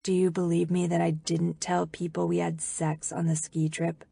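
A woman reading the part of a confident, teasing teenage boy in an audiobook, lowering her voice a little for him. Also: normal speed, vocal fry, a little mellow, no echo, studio quality. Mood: hushed.

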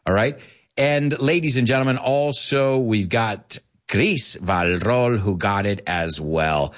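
A man's voice: fairly low pitch, takes it slowly. A man hosting a live English lesson, playful and joking with viewers, slipping Spanish phrases into his explanations. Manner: playful, animated, jokes with viewers. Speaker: English teacher and show host.

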